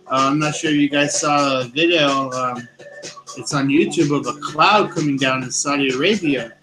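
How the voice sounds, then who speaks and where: A man hosts his own show, speaking loudly right into a close microphone. His voice sits a little high, and he stops often for ums and uhs. Clear music plays behind him the whole time. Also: moderate pace, poor audio. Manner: loud, speaks close to the mic, hesitant with fillers. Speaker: host of a paranormal news show. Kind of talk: casual solo show talk. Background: background music.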